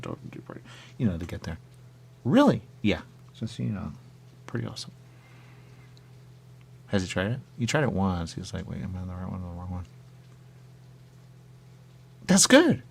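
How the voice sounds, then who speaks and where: Low gravelly man musing aloud. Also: a little mellow, slight background noise. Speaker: radio show host. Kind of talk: casual chat.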